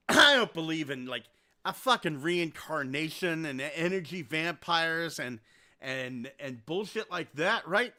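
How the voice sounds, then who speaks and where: Male podcast host, high bright voice, profane, animated storyteller. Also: measured pace. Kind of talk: casual storytelling.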